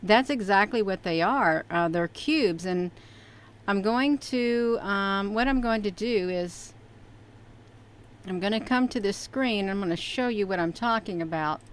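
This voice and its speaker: A woman talks casually to her livestream viewers from her desk, rambling and filling pauses with "um" and "you all". Her voice is smooth and clear, sitting at an ordinary middle pitch for a woman. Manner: rambling, chatty, many fillers, addresses viewers as "you all". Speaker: livestream host. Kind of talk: casual live-stream talk.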